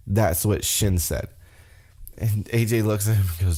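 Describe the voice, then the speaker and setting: Young dude rambling through a wrestling recap on his podcast, kinda low, mellow voice, swears a lot. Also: moderate pace. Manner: rambling, excitable, swears freely. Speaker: podcast host.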